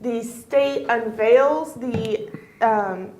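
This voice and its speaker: A woman talks casually on a local TV show. She is chatty, laughs often and fills her pauses with many ums. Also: on the high side, darkish tone, slight background noise. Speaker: chamber of commerce guest. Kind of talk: casual chat. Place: TV studio.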